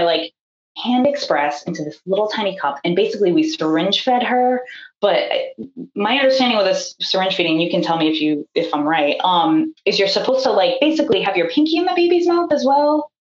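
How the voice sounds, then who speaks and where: Chatty woman, echoey lo-fi audio. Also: mid-range voice. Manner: chatty, acts out quoted voices, many fillers. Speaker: podcast guest. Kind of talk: casual storytelling. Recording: echoey, dull remote audio.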